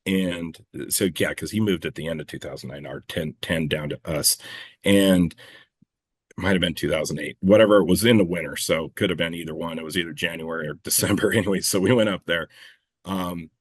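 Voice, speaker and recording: Low-voiced male guest, loose and rambling storyteller, swears casually, dry close mic. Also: a little fast, breathy edge, dry recording. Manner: rambling, self-correcting, swears freely, laughs at own stories. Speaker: clay shooting competitor and coach, guest.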